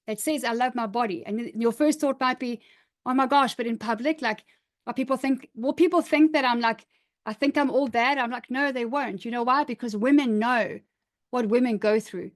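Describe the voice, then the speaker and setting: Upbeat, encouraging woman coach, bit high. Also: moderate pace. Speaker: image coach. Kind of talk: live online workshop, reading out participants' comments.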